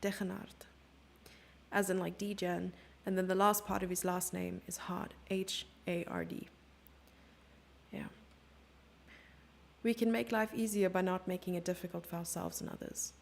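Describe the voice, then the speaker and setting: Chatty woman streaming chess commentary, gravelly. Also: fairly low pitch, fairly even intonation, moderate pace, pauses often. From Germany. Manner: chatty, self-mocking, thinking aloud over moves. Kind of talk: casual live-stream commentary.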